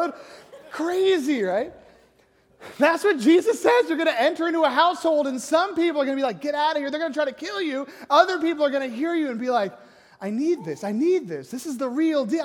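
A man, a youth pastor, telling a story in a casual sermon and often tagging lines with "right?". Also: extremely high pitch. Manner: conversational, keeps asking "right?". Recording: long echoing hall reverb.

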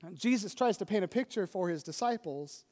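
A man's voice: high-pitched, animated, brisk, a little mellow, in a large hall. A man preaching a sermon in a conversational, storytelling manner, often checking in with his listeners. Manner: conversational storytelling, frequent "right?" and "like". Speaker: pastor.

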